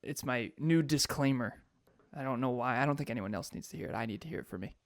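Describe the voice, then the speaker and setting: A man co-hosting a podcast and coaching, talking in an animated, emphatic way and laughing often. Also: mid-range voice, quick pace, dry recording, clean studio sound. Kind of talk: casual podcast chat.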